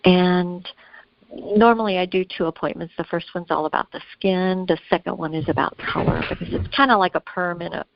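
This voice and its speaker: Gravelly-voiced woman telling stories. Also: on the low side, brisk, muffled recording, background noise. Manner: animated, acts out quoted voices. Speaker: guest, skincare consultant. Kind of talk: casual storytelling in an interview.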